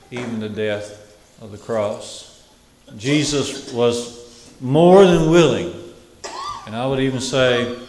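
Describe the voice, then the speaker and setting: Slow, echoey male preacher. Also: medium pitch, a little hiss or hum. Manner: repeats key phrases, dropping to a hush. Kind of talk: sermon.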